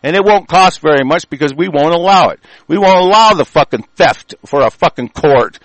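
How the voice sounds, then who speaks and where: A man's voice: a little high, lively intonation, moderate pace, no echo. A man in an angry political rant, talking in a profane, aggressive way and stumbling over restarts.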